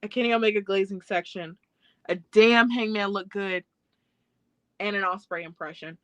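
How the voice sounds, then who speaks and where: Bright-voiced woman bantering profanely. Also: medium pitch, steady tone, normal speed, no room sound, rough recording. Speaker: podcast co-host. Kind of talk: casual chat.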